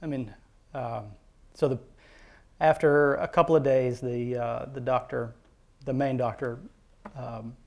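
A man earnestly telling a personal faith testimony as a father, halting, with many fillers and restarts. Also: medium pitch, steady tone, creaky, a little mellow. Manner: heartfelt, devout storytelling.

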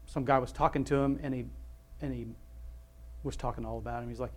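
A man's voice: mid-range voice, fairly even intonation, a little fast, darkish tone. Male pastor, casual sermon, talks in loops and asides, restarts a lot. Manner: chatty, self-interrupting, many restarts and asides. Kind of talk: rambling informal sermon.

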